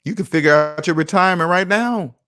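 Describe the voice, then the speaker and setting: A man's voice: high-pitched, fairly quick, sharp tone. A man in his thirties hosting a personal finance show, talking casually and passionately, repeating his points like a preacher. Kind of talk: casual talk monologue.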